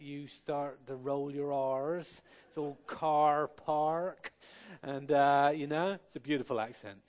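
A man preaching a sermon in a slightly higher-than-usual voice. He talks earnestly, stumbles and restarts, and breaks into light humorous asides. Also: a little mellow. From Cornwall, England.

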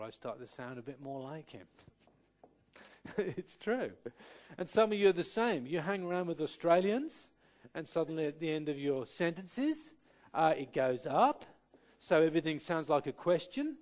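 A man's voice: fairly high pitch, expressive, moderate pace, a little mellow. A man from Cornwall preaching a sermon, earnest, with light humorous asides and frequent restarts. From Cornwall, England.

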